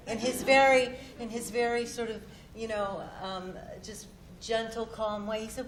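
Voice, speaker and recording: Woman giving an earnest acceptance speech at a conference, soft-spoken with restarts, in an echoey room. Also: mid-range voice, fairly even intonation. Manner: gentle, halting, many fillers and restarts. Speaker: award acceptor speaking for a doctor. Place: conference hall. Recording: echoey hall, audience noise.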